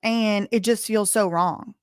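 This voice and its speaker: A woman with a Southern American accent chats through a livestream in a loose, thinking-aloud way. Her voice sits at a middling pitch. The sound is close and dry, with no room around it. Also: steady tone, a little slow, clear, resonant tone, dry recording. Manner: chatty, thinking aloud with many fillers. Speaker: livestream host. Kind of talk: casual livestream commentary.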